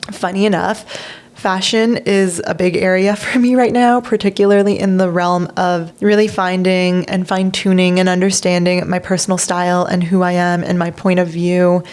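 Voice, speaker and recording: A woman's voice: on the low side, a little mellow. A young woman hosting a podcast, speaking openly and earnestly about personal growth, laughing often and tearful at times. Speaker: podcast host. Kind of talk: personal reflective monologue.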